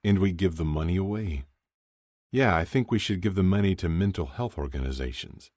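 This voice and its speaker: A man's voice: low voice, lively intonation, fairly quick, a little mellow, no echo, studio quality, voice pushed up. A man voicing an earnest, eager young male hockey player in an audiobook, with a lifted, open delivery. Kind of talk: audiobook character voice.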